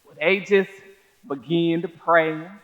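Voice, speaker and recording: A woman's voice: on the low side, steady tone, muffled recording. A woman playing a dignified older schoolteacher. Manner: measured, folksy storytelling with drawn-out phrasing. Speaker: stage performer. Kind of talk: one-woman stage monologue. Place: theater stage.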